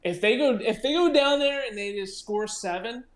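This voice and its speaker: A man's voice: very high voice, expressive, moderate pace. A man co-hosting a casual sports podcast, talking in an agreeable, thinking-aloud way. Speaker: podcast co-host. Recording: echoey room.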